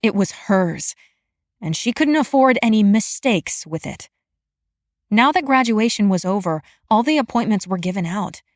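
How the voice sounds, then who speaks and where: A woman narrating a fantasy romance audiobook in an even, measured storytelling manner. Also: medium pitch, dry recording, clean studio sound.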